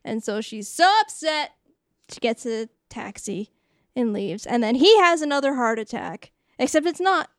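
A woman's voice: on the high side, lively intonation, normal speed, dry recording, studio quality. A woman co-hosting a podcast, recapping a movie in casual chat with giggles and acted-out lines. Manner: chatty, giggly, acts out characters' lines. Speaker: podcast co-host.

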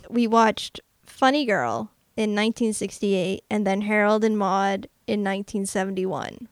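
A woman's voice: medium pitch, a little slow, hardly any pauses, dry recording, clean studio sound. A woman co-hosting a podcast in casual chat who laughs easily. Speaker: podcast co-host.

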